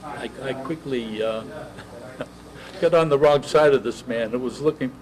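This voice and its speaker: A man in his eighties, a veteran, telling his service story in an oral history interview, halting and reminiscing. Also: medium pitch, a little mellow, low-quality recording. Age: 80s.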